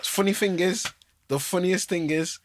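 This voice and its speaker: A young man, co-hosting a casual podcast, telling an animated story and acting out the other people in it. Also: sits high, normal speed, a little hiss or hum. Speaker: podcast co-host.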